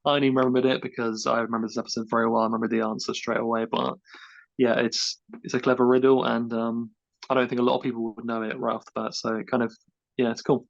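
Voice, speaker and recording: Gravelly fast-talking man on a lo-fi mic. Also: mid-range voice, level tone, no echo. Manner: hesitant, lots of restarts. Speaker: podcast co-host. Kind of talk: casual chat. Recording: dull dry lo-fi mic.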